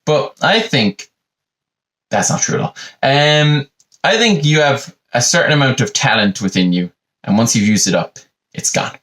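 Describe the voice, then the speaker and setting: A man's voice: medium pitch, lively intonation, normal speed, a bit bright. A young Irish man hosting a solo comedy podcast from his bedroom, rambling and sardonic, with constant "you know" asides. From Ireland. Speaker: podcast host. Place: bedroom at home.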